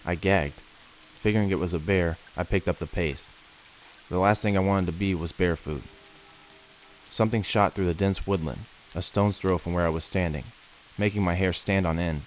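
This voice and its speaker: A man reading first-person creature horror stories as scripted narration, in a slow, measured, ominous manner. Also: sits low, a little hiss or hum, poor audio. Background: faint rain.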